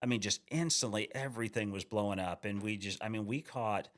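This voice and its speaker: Low-voiced man swapping fishing stories. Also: fairly quick. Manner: stammering restarts, easygoing, repeats words. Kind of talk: casual storytelling chat.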